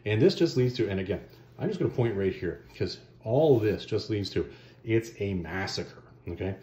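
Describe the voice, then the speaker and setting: Lively, low-voiced man in a roomy recording. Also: normal speed. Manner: animated and slangy, with offhand asides. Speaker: comic book reviewer. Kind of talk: casual comic retelling.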